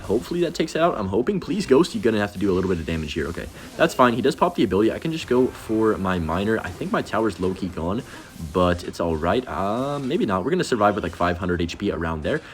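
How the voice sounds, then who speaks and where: Fast-talking deep-voiced young man gaming. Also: very animated. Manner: rambling, self-deprecating, quick reactions. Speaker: gaming commentator. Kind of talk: casual gameplay commentary.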